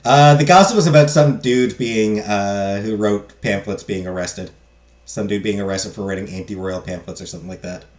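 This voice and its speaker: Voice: deep voice, normal speed, darkish tone. A game streamer reading game text aloud and making joking, self-mocking asides while playing. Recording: roomy echo.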